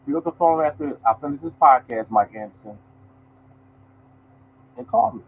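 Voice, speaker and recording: A man's voice: a little high, sing-song, normal speed, creaky, husky, phone-quality sound. A man hosting a lottery podcast in a casual, emphatic monologue, repeating his points and calling listeners y'all.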